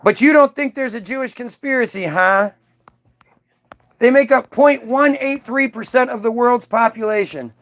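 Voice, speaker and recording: A man's voice: very high-pitched, normal speed, fairly bright tone. A man delivering a combative, profane, rambling monologue to his stream audience, often restarting his sentences. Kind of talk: ranting monologue.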